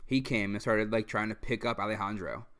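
A man's voice: fairly low pitch, steady tone, fairly quick, fairly bright tone, smooth. Rambling young man telling a story. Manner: rambling, lots of "like" fillers, swearing, laughs a lot. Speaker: podcast host. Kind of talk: casual storytelling chat.

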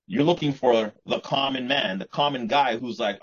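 Husky-voiced man, rambling podcast chat. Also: medium pitch, normal speed. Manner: rambling, repeats and restarts words. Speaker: podcast co-host. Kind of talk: casual chat. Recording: muffled lo-fi podcast audio.

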